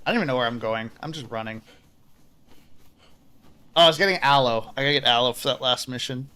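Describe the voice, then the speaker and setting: A male game streamer chatting off the cuff while he plays. He rambles, laughs at himself and swears freely, his voice sitting at an ordinary middle pitch. Relaxed live-stream talk. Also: fast, clean tone. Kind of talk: casual chat.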